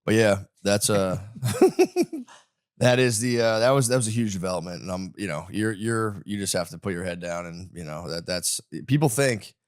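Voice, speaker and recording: A man's voice: on the low side, big pitch swings, normal speed. A young man hosting a podcast in casual chat, laughing often and acting out the people he quotes. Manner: laughing storyteller who acts out quoted voices. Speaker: podcast host.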